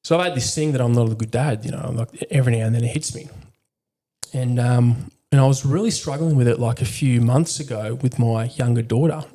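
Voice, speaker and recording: Male veteran, podcast guest; dark, mellow voice; candid, profane and conversational. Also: mid-range voice, fairly quick. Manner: blunt, heavy swearing, frequent fillers.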